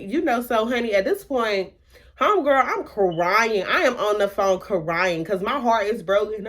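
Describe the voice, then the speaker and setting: Animated young woman telling a storytime. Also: mid-range voice, normal speed. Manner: animated, acts out quotes with hushed asides. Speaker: vlogger. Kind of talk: storytime vlog.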